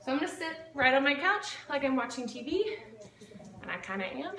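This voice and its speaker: High-pitched lady counting reps in her living room, a bit winded, echoey and kinda far from the mic. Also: sing-song, a little fast, sharp tone. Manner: upbeat, counting reps aloud while exercising. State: out of breath. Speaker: fitness instructor. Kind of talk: home workout instruction.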